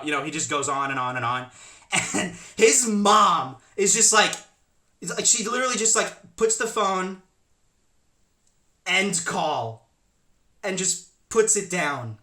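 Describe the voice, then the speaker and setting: Brief: young male storyteller, lively ups and downs, bright voice, echoey room. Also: high voice, measured pace. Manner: animated, chatty, many asides. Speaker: YouTube storyteller. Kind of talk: storytime vlog.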